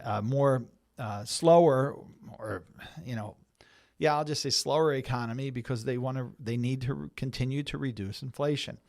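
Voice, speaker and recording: Man hosting a halting financial webinar. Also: medium pitch, a little mellow, no echo, clean studio sound. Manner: halting, many fillers and restarts, reads quotes aloud. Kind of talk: webinar talk reading and explaining market news.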